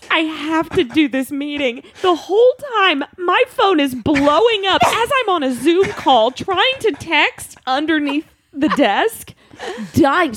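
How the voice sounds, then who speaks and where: A woman's voice: high voice, dry recording. A woman telling a dramatic family story in casual chat, acting out quotes and laughing often.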